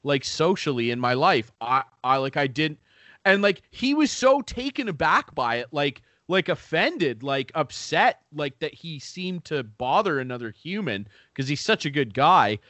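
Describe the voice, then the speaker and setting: A man's voice: on the high side, big pitch swings, a little slow, pushed and bright, no echo. A man co-hosting a podcast, telling a story in casual, profane chat over a remote call. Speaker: podcast co-host. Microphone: remote call mic.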